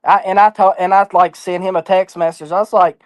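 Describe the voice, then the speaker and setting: Man, interview guest, profane, defiant, fairly high pitch, dry sound. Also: flat delivery, brisk, dry recording. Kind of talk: casual phone interview.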